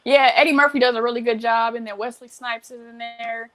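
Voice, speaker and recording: A woman hosting a casual interview who speaks softly and falters, repeating words as she asks her questions. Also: a little high, fairly even intonation, fairly quick, crowd noise. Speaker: interviewer, show host.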